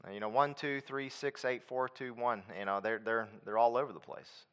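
A man preaching a sermon with emphatic, repetitive phrasing, dropping into quiet conversational asides. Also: mid-range voice, moderate pace, clear, resonant tone.

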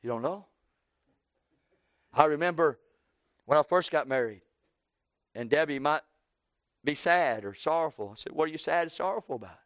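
A man preaching a sermon, fervent and repetitive, swinging between soft passages and shouted lines. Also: on the high side, animated, normal speed, pauses often, no echo, clean studio sound.

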